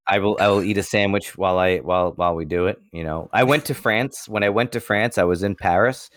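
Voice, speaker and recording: An American podcast co-host tells a story casually and rambles, repeating words and swearing now and then. His voice sits low and has a fairly bright tone, and he speaks a little fast.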